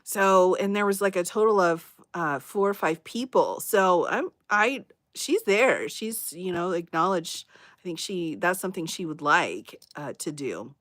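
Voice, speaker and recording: A woman's voice: lowish voice, measured pace, no echo, studio quality. A woman hosting a casual livestream, laughing often and reacting to viewers' comments. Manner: giggly and animated, laughs often, reacts to chat. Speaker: livestream host.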